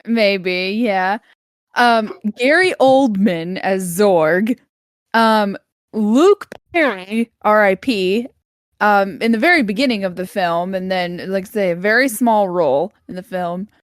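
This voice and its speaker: A woman's voice: medium pitch, takes it slowly, no room sound, studio quality. A woman hosting a casual podcast, laughing often and stumbling through fillers. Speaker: podcast host. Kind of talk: casual chat.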